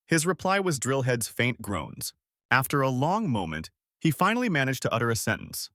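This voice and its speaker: Guy reading a dark comic recap, voice going up and down a lot, mid pitch. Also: normal speed, no echo, clean studio sound. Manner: animated storytelling. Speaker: narrator. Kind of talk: scripted narration.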